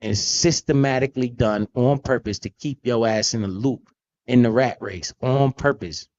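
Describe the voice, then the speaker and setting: A man's voice: medium pitch, moderate pace, a little mellow, muffled recording. A man hosting a casual, profane talk about investing, blunt and emphatic with lots of slang. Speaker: podcast host.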